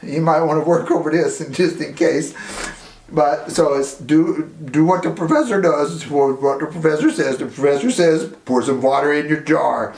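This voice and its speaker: A man hosting a playful children's science demonstration, teasing his assistant with big swings of pitch. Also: moderate pace, creaky, darkish tone. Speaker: children's science show host. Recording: echoey room.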